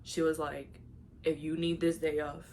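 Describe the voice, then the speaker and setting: A woman's voice: low voice, level tone, normal speed, a little mellow, slight background noise. A young woman vlogger telling a personal story in a casual, emotional, slangy way, talking straight to her viewers.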